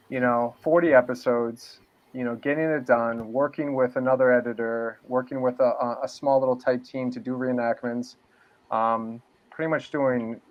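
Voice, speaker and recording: A man from New England chatting casually as a podcast guest, laid-back and saying "man" and "dude" a lot. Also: mid-range voice. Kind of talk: casual interview chat. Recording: dull lo-fi sound.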